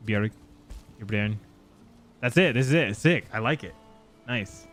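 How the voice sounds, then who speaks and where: A man live-streaming a game, chatting casually and excitably with his viewers and swearing freely. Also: on the low side, slow, long pauses, soft background music. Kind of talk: casual live gameplay chat.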